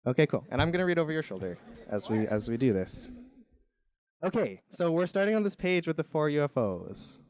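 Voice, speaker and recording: A man's voice: fairly high pitch, big pitch swings, fairly quick, darkish tone, dry recording. A young man, an author, reading his picture book aloud at a bookstore event in a casual, hesitant way with frequent ums.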